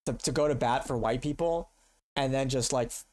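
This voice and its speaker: A man's voice: mid-range voice, brisk, a little mellow. Congested profane man streaming live. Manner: loose, profane, rambling, with restarts. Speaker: streamer reacting to videos. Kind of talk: casual live-stream chat.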